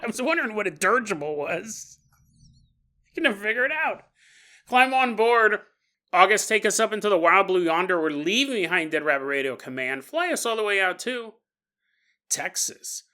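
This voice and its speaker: Jokey man with a bright, high voice. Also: expressive, fairly quick. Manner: jokey, laughs often. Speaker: podcast host. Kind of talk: comedic storytelling.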